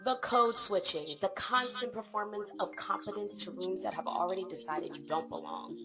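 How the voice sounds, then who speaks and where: A woman giving scripted narration in a measured, list-style delivery. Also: medium pitch, sing-song. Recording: clear music bed underneath.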